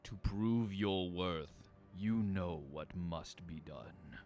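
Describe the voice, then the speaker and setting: A booming orc chieftain on a broken throne, as a man puts him on. He speaks slowly and sternly, in a deep, low voice, the lines drawn out and heavy. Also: darkish tone, faint music behind, heavily acted.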